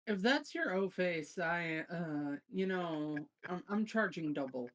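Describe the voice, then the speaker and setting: A woman's voice: on the low side, expressive, slow pace. A woman chatting casually while streaming a fan voice-acted game, hesitant and full of fillers. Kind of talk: casual chat.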